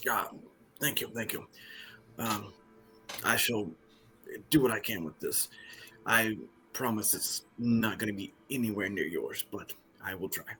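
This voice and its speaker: A polite, hesitant traveler who hedges his words with stops and fillers, as a man voices him. The voice is low and plain, with a tabletop game feel. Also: sharp tone, soft background music. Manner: hesitant, halting, politely evasive.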